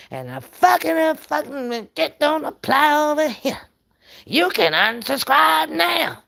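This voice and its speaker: A woman hosting her own channel in a casual, profane livestream rant, animated and laughing often. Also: sits high, vocal fry. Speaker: channel host.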